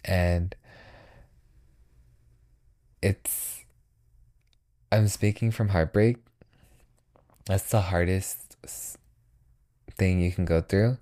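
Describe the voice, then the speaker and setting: A man's voice: sits low, steady tone, very slow, pauses often, dark tone. A young man hosting a motivational solo podcast, talking in an earnest, reassuring way and repeating phrases for comfort. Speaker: podcast host.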